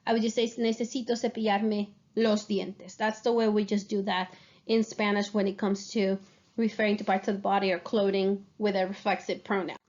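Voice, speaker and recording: A woman's voice: medium pitch, little pitch movement, a little fast, darkish tone, highs cut off. A woman teaching Spanish grammar to a class, explaining patiently and checking in with her students.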